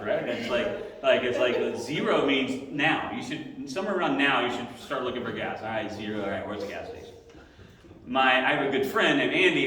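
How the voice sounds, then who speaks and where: A man preaching a sermon, earnest and building to prayer with dramatic pauses, with playful asides. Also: medium pitch. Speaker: pastor. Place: church sanctuary. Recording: echoey hall, mic at a distance.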